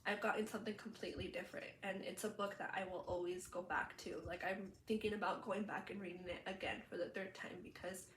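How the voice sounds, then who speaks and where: A woman's voice: mid-range voice, fairly even intonation, quick pace, hardly any pauses, fairly bright tone. A young woman telling a personal story in a vlog, chatty with many fillers, emotional and laughing through tears. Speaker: vlogger. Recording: roomy echo, faint background hum.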